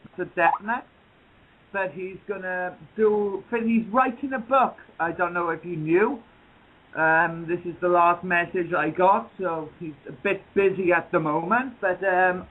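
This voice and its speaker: A man with a Welsh accent, chatting warmly as a caller on a group call. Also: sits high. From Wales. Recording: tinny call line with faint noise.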